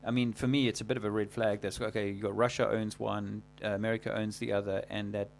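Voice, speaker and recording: A man hosting a livestream, talking casually in a rambling, halting way full of fillers and restarts. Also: on the low side, flat delivery, vocal fry, faint music behind. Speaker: livestream host.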